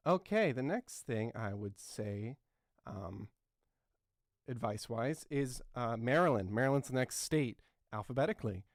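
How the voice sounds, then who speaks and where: A man's voice: mid-range voice, expressive, measured pace, creaky, no room sound, clean studio sound. A man in his twenties playing an earnest, clueless talk show host who rambles and fills his talk with ums and uhs. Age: 20s. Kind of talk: satirical talk show comedy.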